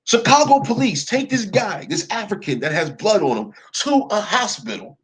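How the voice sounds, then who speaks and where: A man's voice: sits high, very animated, moderate pace, husky, rough recording. A young man telling a story in a casual, profane rant, leaning on "yo" and "right?" for emphasis. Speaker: commentator. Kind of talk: casual ranting monologue.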